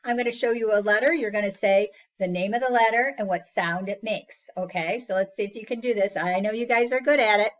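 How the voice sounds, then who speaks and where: A woman's voice: mid-range voice, a little fast, hardly any pauses, dull audio. A woman teaching a phonics lesson to young children, patiently sounding out words and praising each answer.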